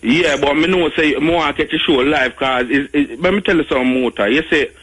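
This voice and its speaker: A man's voice: fairly high pitch, a little fast, a bit bright, husky, rough recording. A Jamaican man calling a radio show by phone, rambling in casual chat and often saying "you know.". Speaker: radio caller. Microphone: phone call.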